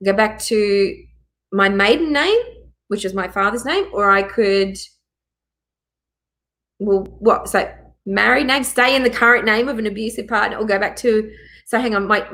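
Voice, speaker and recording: A woman's voice: mid-range voice, vocal fry, a bit bright, rough recording. A middle-aged woman telling her own story as a guest, emphatic and repeating key phrases for force. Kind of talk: personal testimony in a live chat.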